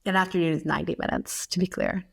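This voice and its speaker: A woman's voice: on the low side, fast, gravelly, slightly rough. An American woman in her thirties co-hosting a podcast, chatting casually with many fillers and frequent laughs. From United States. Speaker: podcast co-host. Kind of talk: casual chat.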